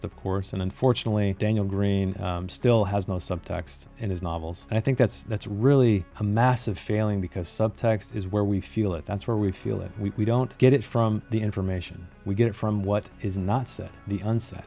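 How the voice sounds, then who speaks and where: A man's voice: on the low side, gravelly, dark tone. A man reviewing a novel in a critical monologue, emphatic and fond of repeating key phrases for effect. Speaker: book reviewer.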